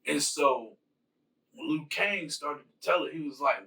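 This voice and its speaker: A man casually retelling a film's plot in his own words, halting with fillers and restarts as he quotes the characters. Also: on the high side, creaky, pushed and bright, distant mic, poor audio. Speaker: host retelling a film plot. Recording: voice from away from the mic.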